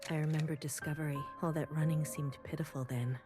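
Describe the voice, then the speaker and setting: A woman plays a haunted figure who looks back on obsession in a low, quiet voice. She speaks softly and inward, often close to a whisper. Loud game music plays behind her. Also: fairly even intonation, a little fast, lightly acted. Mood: brooding. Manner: quiet, introspective, half-whispered. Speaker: game character. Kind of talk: video game voice acting.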